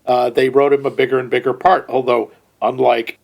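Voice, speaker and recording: A man co-hosting a movie podcast, making measured, wry remarks in casual chat. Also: mid-range voice, little pitch movement, creaky. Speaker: podcast co-host.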